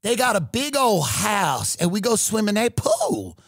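A comedian puts on a greedy old Southern politician who talks in a sassy, crude drawl. The voice sits high and swings widely, with a gravelly edge. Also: male voice, huge pitch swings, measured pace, a bit bright, no room sound, studio quality, full character voice. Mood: blunt crude.

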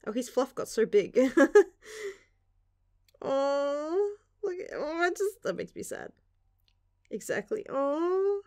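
A woman's voice: high-pitched, very animated, slow, long pauses, dark tone. A young woman reacting casually to a manga chapter, gushing and giggling, with casual swearing. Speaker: manga reviewer.

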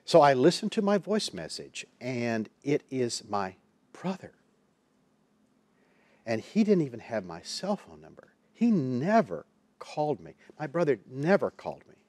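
A man's voice: medium pitch, sing-song, measured pace, a little mellow, no room sound. A man, a Christian counselor and minister, tells a personal story as a guest in a TV interview, acting out the people he quotes.

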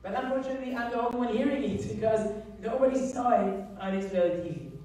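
Woman storytelling to a crowd, warm-ish mellow tone, lots of restarts, big echo from far off. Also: on the high side, fast talker. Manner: animated storyteller with many restarts. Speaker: guest speaker. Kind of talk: storytelling talk to an audience. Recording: very echoey hall, mic from far.

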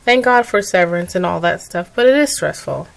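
Brief: young woman, lowish voice, tired, rambling personal vlog. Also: lively intonation, fairly quick, creaky. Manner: weary, emotional, rambling. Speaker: vlogger. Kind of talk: personal video diary.

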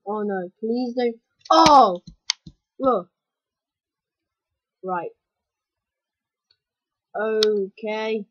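A woman giving casual gameplay commentary, excitable and prone to yelps and exclamations. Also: mid-range voice, slightly rough, no room sound, lo-fi sound.

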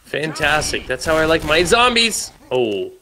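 An excitable man talks through a co-op zombie game with friends. His voice is bright and forward, with a highish pitch for a man. His delivery swings widely in pitch, and he yelps and shouts when something catches him off guard. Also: measured pace. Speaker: gamer. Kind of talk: casual co-op game commentary.

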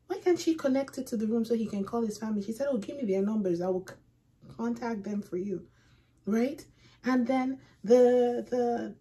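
A woman hosting a movie reaction, thinking aloud slowly and repeating herself with rhetorical questions. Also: a little high, dark tone. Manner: slow, musing and repetitive, with rhetorical questions.

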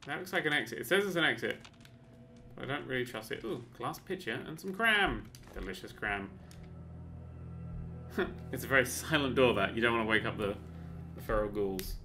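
A man casually commentating on his own gameplay, chatty and excitable, with sudden yelps and mock-boastful asides. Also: medium pitch, normal speed, faint music behind. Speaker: let's play host.

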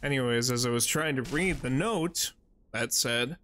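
A man's voice: medium pitch, moderate pace, pushed and bright, slight background noise. A man streaming a video game, chatting to himself in casual commentary with exasperated outbursts.

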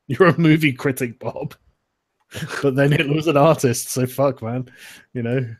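A man's voice: medium pitch, unhurried, dry recording. A man hosting a casual livestream chat, joking loosely, laughing and swearing. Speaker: host.

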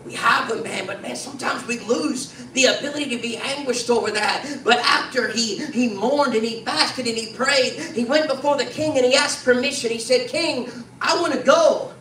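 Recorded from a distance in an echoey room with faint noise, a man with a very high, sharp voice preaches at normal speed with few pauses. His sermon is earnest and conversational, full of restarted phrases and sentences ending in "man."

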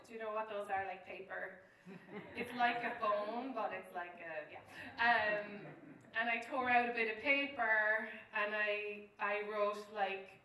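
A woman's voice: on the high side, pushed and bright, echoey room, distant mic, a little hiss or hum, low-quality recording. A woman from Ireland with an Irish accent, doing rambling, self-deprecating stand-up with lots of filler words. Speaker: stand-up comedian. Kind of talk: stand-up storytelling with crowd work. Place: live venue with an audience.

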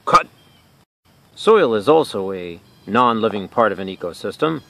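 A man's voice: fairly low pitch, animated, moderate pace, creaky, fairly bright tone, no echo. A man hosting a comedic science lesson outdoors, talking earnestly and in a mock-serious way, easily flustered. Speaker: science show host. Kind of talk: comedic educational presentation. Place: outdoors in a natural area.

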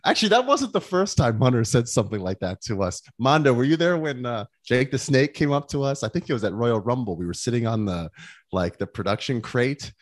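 A man of ordinary pitch tells a backstage story as a podcast guest. He is animated and laughs often, stumbling and repeating words as he goes. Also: brisk. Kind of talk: casual storytelling anecdote.

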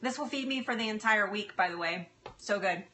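Middle-aged woman, bright tone, laughing cooking host chatting live from her kitchen. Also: medium pitch, moderate pace. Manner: chatty, laughs often, apologetic, stalls with fillers. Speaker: livestream cooking host and health coach. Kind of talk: casual live-stream chat while cooking. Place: home kitchen.

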